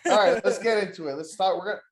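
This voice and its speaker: A man hosting a casual wrestling podcast, rambling and crude, often mocking people in quick put-on voices. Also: sits high, roomy sound. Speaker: podcast host.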